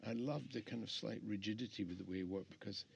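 A man's voice: fairly low pitch, quick pace, vocal fry, husky, muffled recording. A middle-aged man, an architect guest, talking in a rambling, reflective way with many restarts, in casual interview chat. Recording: faint background noise.

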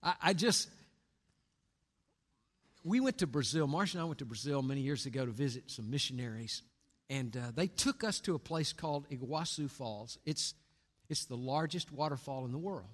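A middle-aged male pastor preaching a sermon, swinging from hushed near-whispers to booming calls. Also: animated, normal speed. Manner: dramatic swings between hushed and booming delivery. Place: church sanctuary. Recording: long hall reverb.

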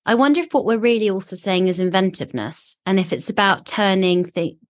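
A woman's voice: medium pitch, expressive, brisk. A woman on a book panel, thinking aloud in a reflective way. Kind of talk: casual chat.

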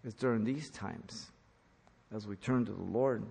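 A man's voice: fairly low pitch, a little slow, gravelly, warm tone, breathy edge, in a large hall. A man preaching an earnest sermon, speaking as a pastor who repeats key points for emphasis.

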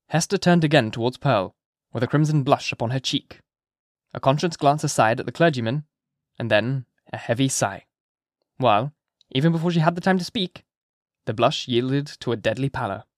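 A man reads a classic novel as an audiobook, giving a measured and expressive performance. His voice is medium-pitched, and the recording is dry with clean studio sound.

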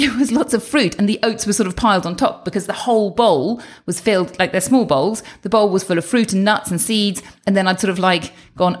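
Chatty woman coaching. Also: medium pitch. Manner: chatty and encouraging, with asides and quick self-corrections. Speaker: weight-loss coach. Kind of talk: direct-address coaching talk.

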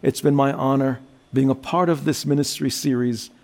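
A man preaching a sermon, telling a story and dropping low and slow for scripture and prayer. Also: steady tone, darkish tone. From New Jersey. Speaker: guest preacher.

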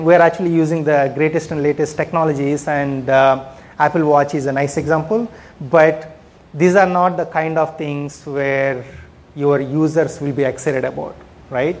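A man's voice: a little high, a little mellow. A man giving a conference talk on product management, speaking conversationally and often ending points with "right?". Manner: conversational, frequent "right?" tags and fillers.

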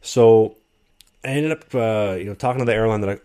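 A man with a fairly low voice tells a long story in relaxed, conversational talk. He is animated and lively, and he slips into other people's voices as he quotes them. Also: a little fast, smooth. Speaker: guest telling a travel story. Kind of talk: casual storytelling.

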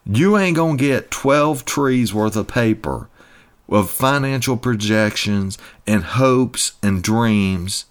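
A man's voice: medium pitch, expressive, takes it slowly, smooth. A man hosting a retirement-money talk segment as a financial advisor, speaking in a folksy, emphatic, repetitive style. He is from the United States. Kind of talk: promotional radio-style talk.

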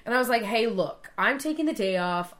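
Bright-voiced woman swearing in casual chat. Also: expressive, brisk. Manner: swears freely, acts out quotes with big pitch jumps. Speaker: podcast co-host.

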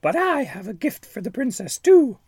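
A man reading a storybook aloud, voicing a scornful, vengeful wicked fairy in a high, drawn-out put-on voice. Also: sing-song, a little mellow, husky, dry recording, heavily acted. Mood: menacing.

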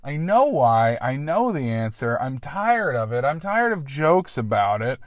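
A man talks through a loose solo podcast monologue, wandering from thought to thought with self-deprecating asides and casual swearing. His voice sits at a middling pitch and sounds close and dry, recorded outdoors in a park. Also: no echo. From Columbus, Ohio. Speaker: podcast host.

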